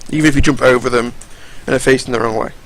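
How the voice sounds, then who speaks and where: A man's voice: mid-range voice, steady tone, fast talker, a little hiss or hum, low-quality recording. A young man giving casual, rambling, profane commentary over fighting game footage, often restarting his sentences.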